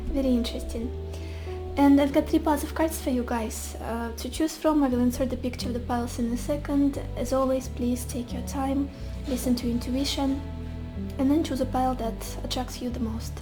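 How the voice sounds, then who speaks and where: A woman giving a tarot reading to camera, talking softly with many pauses and fillers. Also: on the high side, low-quality recording. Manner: soft, searching, often pausing with fillers. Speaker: tarot reader.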